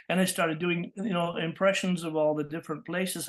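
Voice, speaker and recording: A man from California tells stories as an interview guest. His voice sits somewhat high. He talks with animated energy, breaks into laughs, and slips into the voices of the people he quotes. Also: quick pace. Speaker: guest, voice actor. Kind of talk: interview storytelling.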